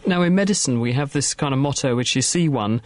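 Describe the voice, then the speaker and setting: A man hosting a live science radio show, brisk and emphatic with guests. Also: medium pitch, lively intonation, dry recording. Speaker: radio host. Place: radio studio.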